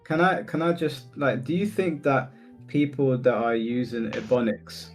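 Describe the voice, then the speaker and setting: A man with a mid-pitched voice poses questions on a casual podcast, pausing and restarting as he works out his point. Soft music plays behind him. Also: lively intonation. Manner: questioning, hesitant with fillers.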